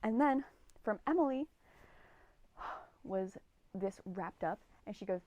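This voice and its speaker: A woman in her twenties co-hosting a podcast, chatting casually on her own in a gushing, excitable and rambling way. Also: medium pitch, slow, pauses often, muffled recording. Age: 20s. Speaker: podcast co-host. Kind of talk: casual solo podcast chat.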